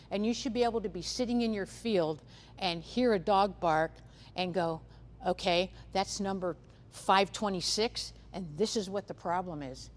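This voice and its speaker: A woman giving a conference seminar on livestock guarding dogs, talking casually with many fillers and restarts. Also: mid-range voice. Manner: conversational, frequent "um" fillers and restarts. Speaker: seminar speaker on livestock predators. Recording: echoey hall, faint background noise.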